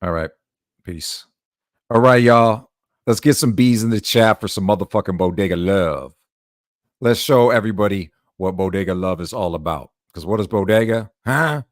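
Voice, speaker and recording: A man's voice: on the low side, normal speed, no echo, clean studio sound. A man hosting a casual livestream, loose and laughing, swearing freely. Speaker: streamer host.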